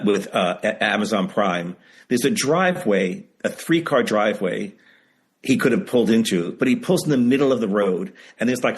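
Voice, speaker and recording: Man, low-pitched, emphatic storyteller, repeats himself, video call interview. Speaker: memoir author guest.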